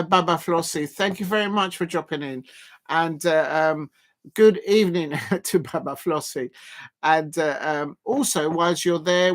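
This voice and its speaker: A young man chatting excitably through a live football watch-along stream, rambling with lots of ums and uhs. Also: on the high side.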